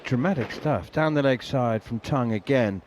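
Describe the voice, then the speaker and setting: A man calls a cricket match on the radio in a medium-pitched voice. His delivery is chatty, with frequent uhs and easy laughter. A faint noise sits under the recording. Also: normal speed. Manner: chatty, laughs easily, many ums and uhs. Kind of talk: ball-by-ball radio commentary.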